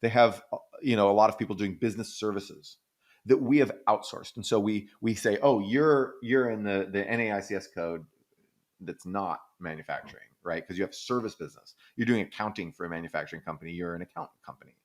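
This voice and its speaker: A man's voice: on the low side, fairly quick. A man hosting an economics podcast, explaining in casual chat, thinking aloud with frequent restarts and fillers. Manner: animated, breaks into silly quoted voices.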